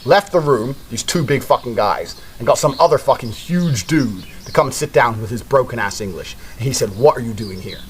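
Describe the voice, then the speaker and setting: A man's voice: medium pitch, lively intonation, moderate pace, hardly any pauses, slight background noise. A man telling a story in a blunt, casual way, with heavy swearing.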